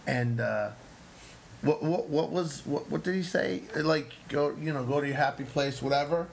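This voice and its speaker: A man with a gravelly, fry-edged voice, chatting loosely about his acting work. He tells stories with energy and swears freely. A faint hiss sits under the recording. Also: a little high, moderate pace. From New York. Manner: animated, swears often, acts out yelling teachers. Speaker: actor. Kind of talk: casual storytelling chat.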